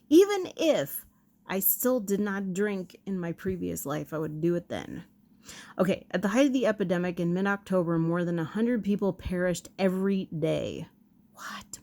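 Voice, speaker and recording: A woman's voice: lowish voice, a little mellow. A woman reading a history text aloud and breaking off often to react, joke and correct herself. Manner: playful, self-interrupting, reacts to the text. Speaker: video host.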